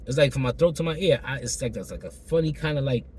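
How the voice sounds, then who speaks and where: A man with a hoarse, still-recovering throat tells a personal story to camera in a loose, slangy way, repeating himself and acting out the exchanges. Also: medium pitch, animated, quick pace, darkish tone, slight background noise. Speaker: vlogger telling a personal story.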